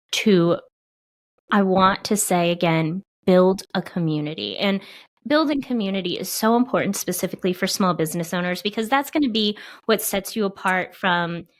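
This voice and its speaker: A woman co-hosting a podcast, talking fast with a stuffed-up nose in a casual chat. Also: lowish voice. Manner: fast-talking, laughs at herself. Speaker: podcast co-host.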